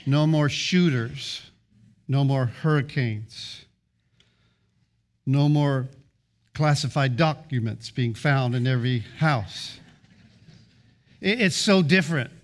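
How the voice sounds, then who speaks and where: A man's voice: mid-range voice, slow, pauses often. A man preaching a sermon, building emphatic rhythmic lists of short phrases and often restarting his words as he presses a point. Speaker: pastor.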